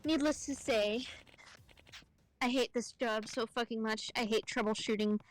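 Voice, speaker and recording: A woman's voice: a little high, steady tone, a little slow, slight background noise, rough recording. A young woman in casual chat, ranting and swearing as she tells stories about her job. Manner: profane ranting storyteller, swears often. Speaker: streamer co-host.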